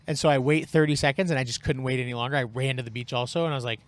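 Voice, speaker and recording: A man co-hosting a podcast, telling a story in a relaxed, chatty way and acting out the lines he quotes. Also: medium pitch, racing. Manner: animated, acts out quoted lines. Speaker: podcast co-host. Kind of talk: casual storytelling chat.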